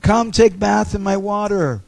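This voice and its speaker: A man's voice: high-pitched, measured pace, vocal fry, pitched above the performer's own voice, heavily acted. A man voicing a river goddess who calls out an invitation in a dream. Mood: inviting.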